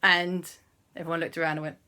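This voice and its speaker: A woman narrating a children's story, animated and acting out sound effects. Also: low voice, quick pace, clean tone.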